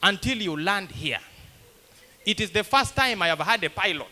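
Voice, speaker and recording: Speaking at a moderate pace in a high voice, this Ugandan comedian works through a stand-up set. His storytelling is lively, and he performs the voices and lines of other people.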